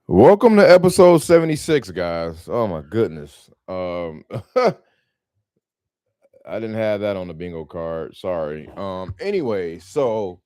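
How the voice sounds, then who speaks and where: A man with a low but very expressive voice hosts a casual live stream, telling stories with slang and frequent laughter. He sounds close-miked in a dry space. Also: slow, smooth, no echo. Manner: animated storytelling, laughs often, slangy. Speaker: real estate wholesaler and show host.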